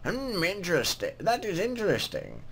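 A man voicing a calm, scholarly male goblin scribe in a measured, ponderous way. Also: sits high, creaky, slight background noise, full character voice. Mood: pondering.

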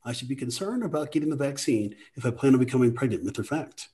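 A man's voice: mid-range voice, expressive, quick pace, few pauses, darkish tone. Upbeat, playful male show host. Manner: upbeat and playful, jokey asides. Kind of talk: hosting a quiz segment.

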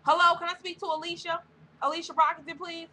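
A woman's voice: extremely high pitch, flat delivery, fast, sharp tone, a little hiss or hum. A woman mimicking a curt, offhand female caller from an unemployment office, in a bored phone voice. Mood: dismissive.

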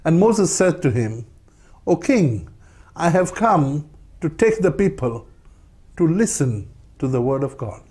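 Preacher, male, somewhat high mellow voice, animated delivery. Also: takes it slowly, long pauses, husky. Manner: emphatic, rising on key words, quoting scripture. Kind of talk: sermon.

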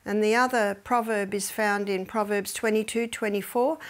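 A middle-aged woman speaking to a seminar audience, mixing health teaching with scripture. Her voice sits at an ordinary pitch. She tells stories with animation and laughter, then sinks to a near-whisper to drive points home. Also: normal speed. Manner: lively storytelling, laughs often, drops to a soft whisper for emphasis. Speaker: health educator. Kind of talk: seminar talk with Bible teaching.

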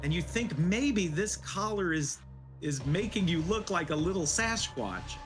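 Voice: medium pitch, very animated, unhurried. A game master narrating a tabletop game casually, with filler words. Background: music.

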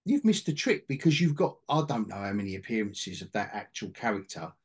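A man's voice: fairly low pitch, sing-song, fairly quick, husky. A middle-aged man hosting a casual podcast chat about comics, rambling with restarts and asides. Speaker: podcast host, comic collector.

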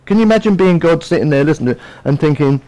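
Lively high-voiced male preacher. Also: quick pace, dull audio. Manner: animated, storytelling, acts out voices. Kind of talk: sermon.

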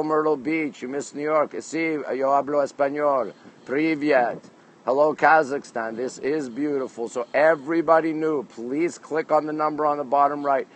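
A man's voice: on the high side, poor audio. Chatty man greeting viewers from a rooftop. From Canada. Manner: chatty, greets viewers by place name, reads comments aloud. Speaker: livestream host. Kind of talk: casual livestream greetings to viewers. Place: outdoor rooftop deck in a city at night.

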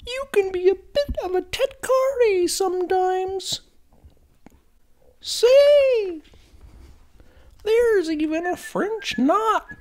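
A performer voicing Linda, a chirpy woman with a squeaky high voice who folksily mangles French phrases in a comedy sketch. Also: heavily acted.

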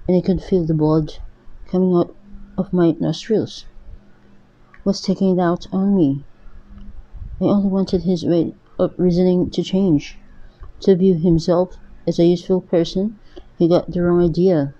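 A narrator reading a first-person story aloud in an earnest, even way. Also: medium pitch, measured pace. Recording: dull lo-fi recording.

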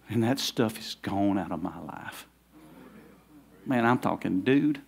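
A man's voice: lowish voice, lively intonation, unhurried, creaky, pauses often, breathy edge. A middle-aged man, preaching a sermon in a conversational way that builds to fervent emphasis. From Southern United States. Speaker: pastor.

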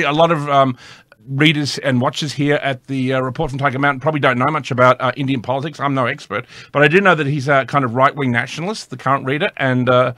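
Bright-voiced man rambling through commentary. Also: mid-range voice, dry recording. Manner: rambling, with many fillers and tongue-in-cheek asides. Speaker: host. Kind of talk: casual political commentary.

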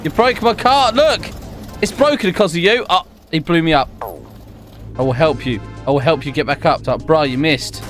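A young man giving jokey, excitable commentary over his own gameplay, laughing often. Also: fairly high pitch, normal speed, soft background music. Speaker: gaming YouTuber.

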